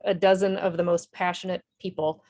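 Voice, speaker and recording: A woman's voice: on the low side, level tone, brisk, a little mellow, a little hiss or hum. A woman, an Army veteran and nonprofit director, telling her story in a TV interview in an earnest, candid way with small restarts.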